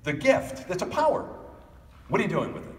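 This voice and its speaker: A middle-aged man giving a motivational keynote speech, animated, acting out family members in quick voices. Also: high-pitched. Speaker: keynote speaker. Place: large hall. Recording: echoey hall from far off.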